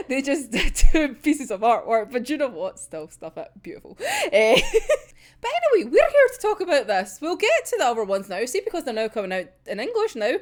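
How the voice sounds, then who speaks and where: A young woman talks in a high, bouncing voice that leaps all over. She rambles and swears freely, laughs often, and fills her talk with fillers. The delivery is a loose, off-the-cuff chat. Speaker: manga reviewer. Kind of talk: casual chat.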